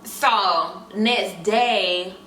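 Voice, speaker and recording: A young woman vlogging, telling a casual storytime in an animated way with asides straight to her viewers, in an echoey room away from the mic. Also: mid-range voice, very slow. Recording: echoey room, mic at a distance, faint room noise.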